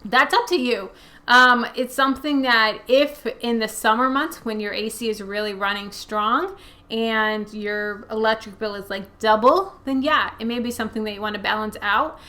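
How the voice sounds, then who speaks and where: A woman's voice: on the high side, fairly even intonation, moderate pace, pushed and bright. A young woman hosting a personal finance Q&A, chatty and conversational as she answers viewer questions. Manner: chatty, conversational, frequent fillers. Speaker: personal finance channel host. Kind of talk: casual Q&A, reading viewer questions.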